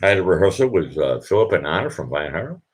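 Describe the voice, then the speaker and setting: Husky deep-voiced rambling man. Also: very animated, quick pace. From Boston. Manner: rambling, with restarts and repeated words. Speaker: live stream host. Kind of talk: casual live stream chat.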